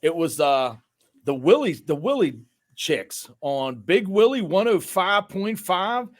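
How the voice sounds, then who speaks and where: A man with a slightly higher voice co-hosts a casual sports podcast. He chats in a relaxed, jokey way and tosses in quick reactions and shout-outs. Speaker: podcast co-host. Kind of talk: casual chat.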